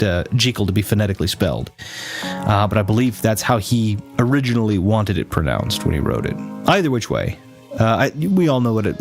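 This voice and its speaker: A man chatting casually on a live stream, rambling with many restarts and fillers, teasing his chat now and then. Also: lowish voice.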